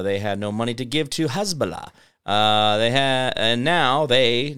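A man's voice: lowish voice, pushed and bright, smooth. A man hosting his own show, rambling through live commentary and talking straight to viewers. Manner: rambling, digressive, talks to viewers and pets. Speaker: show host.

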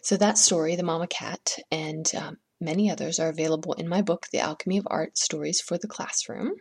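A woman hosting a podcast, chatting with a guest and gently telling a folktale. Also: deep voice, steady tone, a little fast, gravelly, slightly rough. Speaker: podcast host and storyteller. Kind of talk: podcast chat and folktale storytelling.

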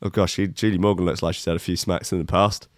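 A man's voice: deep voice, flat delivery, quick pace, no echo, clean studio sound. Rambling sarcastic male podcast host. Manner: rambling and sarcastic, with many restarts. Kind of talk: comic news commentary.

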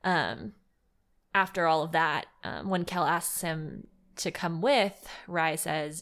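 A woman's voice: low-pitched, slow, fairly bright tone. A young woman co-hosting a casual chat podcast, chatty and enthusiastic with lots of fillers. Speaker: podcast co-host. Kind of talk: casual chat about fan fiction.

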